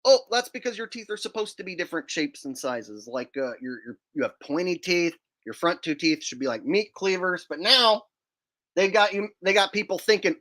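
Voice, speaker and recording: A man's voice: high voice, expressive, normal speed, sharp tone. A man hosting a livestream, rambling and joking in casual, profane commentary. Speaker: streamer host.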